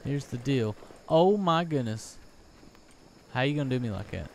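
A man's voice: mid-range voice, expressive, normal speed, a little mellow, a little hiss or hum. A young man giving let's play commentary, easily startled and talking to himself as he plays. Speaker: gaming YouTuber.

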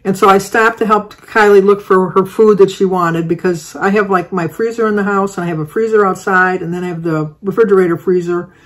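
Older woman vlogger, casual rambling storyteller, mid-range pitch, lots of ums and restarts. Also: fairly even intonation, fairly quick, hardly any pauses. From Michigan, United States. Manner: rambling, chatty, with many fillers and restarts.

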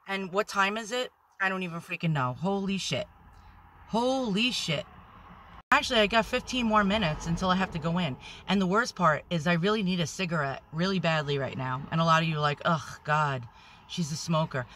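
A woman vlogging on her phone from inside a parked car, rambling anxiously, swearing a lot and talking loudly when nervous. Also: on the low side, brisk, a little hiss or hum. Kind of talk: nervous selfie vlog.

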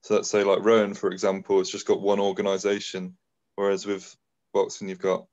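A man from England, a guest, talking in a hesitant, measured way during casual chat. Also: sits low, monotone, darkish tone, lo-fi sound. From Reading, England.

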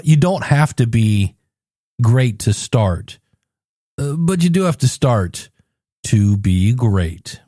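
A man's voice: medium pitch, lively intonation, slow pace, pauses often, warm tone, no room sound, clean studio sound. A man hosting his own podcast, chatty and jokey, acting out little scenes as he talks. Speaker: podcast host. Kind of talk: solo podcast talk.

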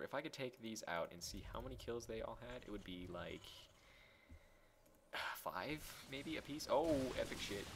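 A young man casually commentating his own game replay, excitable and self-mocking, swearing as he goes. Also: on the low side, background noise. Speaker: gameplay commentator.

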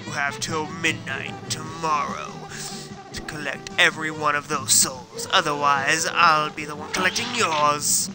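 A man voicing a sinister male devil who owns a casino, with a slow, gloating delivery over game music. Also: on the high side, steady tone. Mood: menacing.

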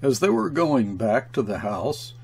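A man reading a classic short story aloud in a slow, measured, grave manner. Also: mid-range voice, lively intonation, darkish tone, a little hiss or hum. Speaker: audiobook reader. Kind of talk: scripted narration of a classic story.

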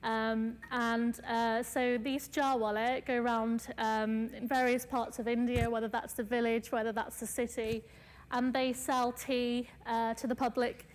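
A woman's voice: fairly high pitch, flat delivery, measured pace, in a large hall. A woman artist giving a casual lecture, chatty, with many fillers and light self-mocking asides.

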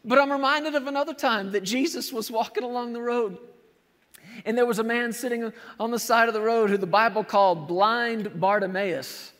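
A man preaching an animated sermon to a church, acting out scenes from the story as he goes. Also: high-pitched. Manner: animated preaching, acts out scenes with shouted quotes. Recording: long hall reverb.

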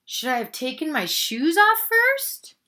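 A woman voicing a cheerful, literal-minded housemaid in a children's storybook read-aloud, bright and innocent. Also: sits high, very animated, a little slow, voice pushed up, heavily acted.

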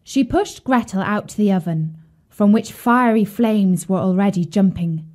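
A woman narrating a children's fairy tale in an expressive storytelling voice. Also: mid-range voice, measured pace.

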